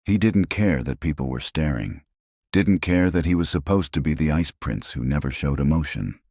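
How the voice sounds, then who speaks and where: A man narrating a dramatic story in a steady, scripted way. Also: a bass voice, normal speed, no room sound, clean studio sound.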